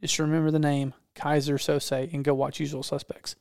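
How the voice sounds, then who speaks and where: A man's voice: fairly high pitch, level tone, normal speed, gravelly, darkish tone, clear, resonant tone, no room sound, studio quality. A man hosting a casual chat, talking with enthusiasm and often restarting his sentences. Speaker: podcast host.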